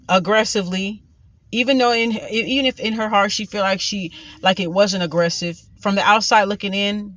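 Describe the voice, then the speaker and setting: A woman host telling a personal story in a casual monologue, blunt and profane, with emphatic repeated asides. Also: fairly low pitch.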